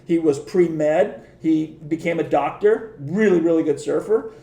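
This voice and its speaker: Gravelly-voiced man telling stories in an echoey room. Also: on the high side, unhurried. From Southern California. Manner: animated anecdotes with many restarts and quoted voices. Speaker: podcast guest. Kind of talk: storytelling in casual chat.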